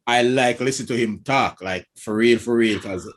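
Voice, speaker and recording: A man's voice: medium pitch, normal speed. A Jamaican man co-hosting a casual panel chat, talking with emphatic conviction. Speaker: co-host.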